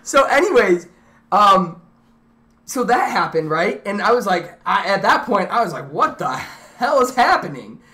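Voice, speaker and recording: A young woman streamer telling a story to her live chat in a rambling, excitable way, full of restarts and fillers. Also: mid-range voice, a little slow.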